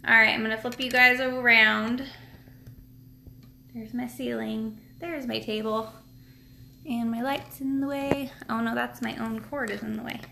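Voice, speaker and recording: A woman's voice: on the high side, fairly even intonation, a little slow, creaky, background noise. A woman hosting a casual live stream tutorial at home, chatty and rambling, with lots of fillers and restarts. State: a bit out of breath. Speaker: nail product seller and live stream host. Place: at home, seated at a table.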